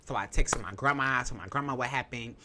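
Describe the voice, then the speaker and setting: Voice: medium pitch, quick pace, background noise. A young adult podcast host telling a personal story, candid, emphatic and profane, heavy on fillers, emotional and holding back tears.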